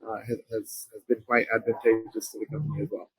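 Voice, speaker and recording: A man with a husky, slightly breathy voice recounts a personal story as an interview guest. He talks earnestly, often stopping and restarting mid-sentence. The sound is dry and close. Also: mid-range voice, no echo, low-quality recording. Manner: earnest, halting, frequent restarts. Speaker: company co-founder, interview guest.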